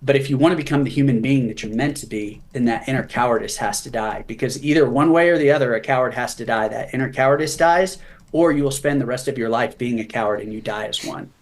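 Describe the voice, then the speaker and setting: Man, mid pitch, candid storyteller, earnest with some joking. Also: fast. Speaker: guest, veteran author. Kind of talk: conversational storytelling.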